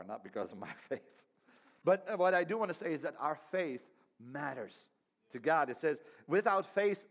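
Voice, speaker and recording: A middle-aged man, a pastor and father, preaching a sermon in an earnest, conversational way, often restarting phrases and laughing lightly. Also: medium pitch.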